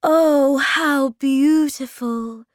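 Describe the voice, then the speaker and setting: A woman reading aloud, voicing a gentle, calm motherly creature in a soft, lilting voice. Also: high voice, unhurried, no room sound, clean studio sound, pitched above the performer's own voice. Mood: delighted.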